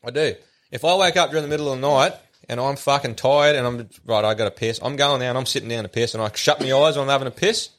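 A man's voice: medium pitch, fast, a bit bright. An Australian man telling crude jokes and stories on a podcast, swearing constantly in broad slang. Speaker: podcast guest. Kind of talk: casual joke telling and banter.

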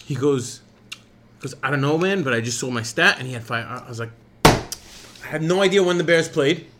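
Animated high-voiced man telling a story. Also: moderate pace, slight background noise. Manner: animated storytelling, acts out both sides. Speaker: podcast co-host. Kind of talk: casual chat.

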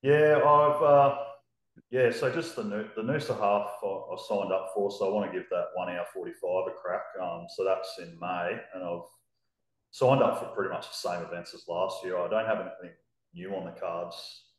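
A man as a podcast guest, talking casually and hesitantly with many pauses and ums. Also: deep voice, fairly even intonation. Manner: hesitant, lots of ums, matter-of-fact. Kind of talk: casual chat. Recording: echoey room.

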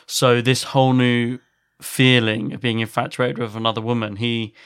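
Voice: mid-range voice, flat delivery, moderate pace, smooth. A podcast co-host chatting casually and enthusiastically, laughing a lot. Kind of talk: casual chat.

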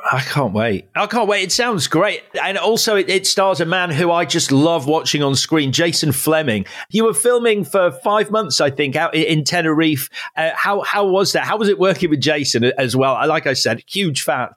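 A man's voice: a little high, animated, moderate pace, few pauses, fairly bright tone. A man hosting an interview and narrating a playful, theatrical segment. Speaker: podcast host.

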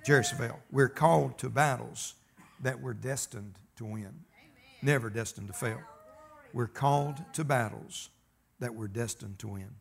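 A man's voice: mid-range voice, normal speed, creaky. A man preaching a sermon, folksy and emphatic, telling stories and calling for amens. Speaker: pastor.

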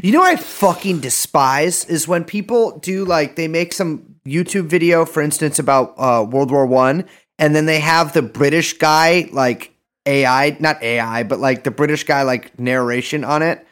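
A young man co-hosting a podcast in casual comedic chat, rambling through deadpan jokes with lots of fillers and restarts. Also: a little high, moderate pace. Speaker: podcast co-host.

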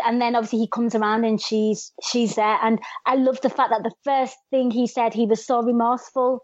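A woman's voice: fairly high pitch, no room sound. A woman co-hosting a podcast, earnestly retelling scenes from a TV episode at length. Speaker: podcast co-host. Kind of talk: casual chat recapping a TV episode. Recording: dull lo-fi mic.

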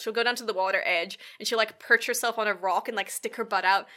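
A woman casually recapping a film, animated and full of "like", acting out bits of dialogue. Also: on the high side, very fast. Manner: animated, peppered with "like", acts out quotes.

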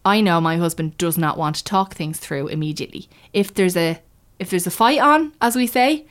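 Casual podcast co-host, woman, lowish and animated, storyteller. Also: normal speed. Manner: animated, storytelling, restarts often. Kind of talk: candid casual chat.

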